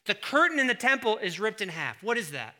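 A male pastor preaching a sermon, asking rhetorical questions and swinging between hushed, slow emphasis and loud exclamations. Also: sits high, big pitch swings. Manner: asks the congregation rhetorical questions.

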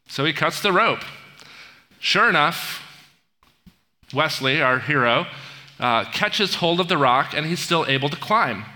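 Bright-voiced preacher in a reverberant hall. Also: male voice, fairly high pitch, moderate pace. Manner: storytelling, retells film scenes with asides and audience questions. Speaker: pastor. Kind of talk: conversational sermon.

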